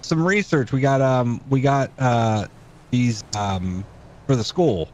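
A man playing in a comic role-play game, dropping wry, deadpan asides. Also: mid-range voice, slow pace, dull audio, a little hiss or hum.

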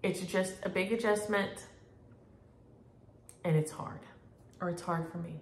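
A middle-aged woman, chatting homey and warmly to her viewers about stitching and mail. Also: on the low side, fairly even intonation, unhurried, gravelly, a little hiss or hum. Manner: homey, chatty, uses y'all. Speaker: flosstube host. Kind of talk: casual chat to camera. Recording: echoey room.

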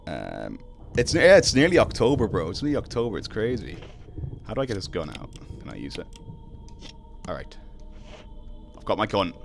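Lively young Irish man streaming a game. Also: lowish voice, normal speed, creaky, pauses often, faint music behind. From Ireland. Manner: casual, reads chat aloud, yelps when startled. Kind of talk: live gameplay stream chat.

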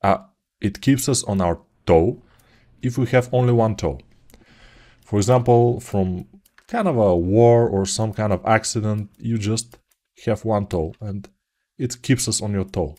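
A man's voice: fairly low pitch, darkish tone. A middle-aged man with a Bulgarian accent, rambling with silly jokes while he works through a 3D modeling tutorial. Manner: rambling, self-mocking, jokey asides. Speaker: 3D art tutor. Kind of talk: live commented modeling tutorial.

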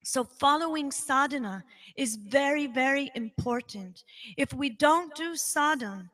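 High-voiced woman giving a devotional talk. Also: measured pace. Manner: emphatic, animated storytelling. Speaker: devotional speaker. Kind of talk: storytelling spiritual talk. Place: devotional center.

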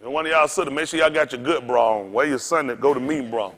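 A man's voice: mid-range voice, quick pace, fairly bright tone. A male pastor preaching a rowdy, colloquial sermon, calling out to his congregation for responses.

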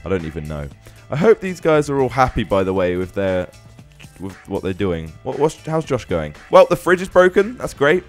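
A young man hosts a gaming video in a casual, joking way, laughing often and calling out to the characters on screen. His pitch is average but swings widely. Soft music plays quietly underneath. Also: moderate pace. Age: young adult. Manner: laughing, animated, exclaims at the screen. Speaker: gaming channel host. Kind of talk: casual game commentary.

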